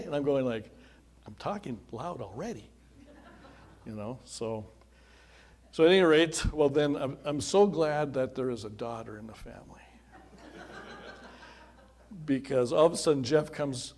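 A man's voice: mid-range voice, unhurried, pauses often, darkish tone. Man, pastor, middle-aged, folksy, storytelling, informal memorial remarks. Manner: chatty, folksy storytelling with quoted dialogue and asides. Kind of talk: informal memorial service welcome.

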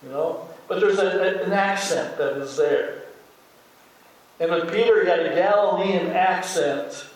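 An older man with a Midwestern accent preaches a sermon like he is telling a story, and he briefly acts out the lines he quotes. His voice sits a little high for a man. He is picked up from a distance in a big, strongly echoing sanctuary. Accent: Midwestern American. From American Midwest. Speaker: pastor. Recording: very echoey hall, voice from far off.

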